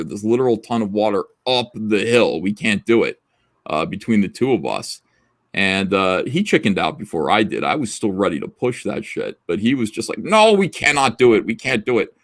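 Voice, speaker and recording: A man's voice: lowish voice, lively intonation, moderate pace. A man hosting a livestream over a remote call, telling rambling anecdotes in blunt, profane casual chat. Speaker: livestream host.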